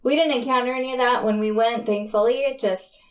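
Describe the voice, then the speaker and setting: A woman's voice: a little high, fairly even intonation, a little fast. A young woman co-hosting a podcast, giving earnest practical travel advice in casual chat. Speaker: podcast co-host.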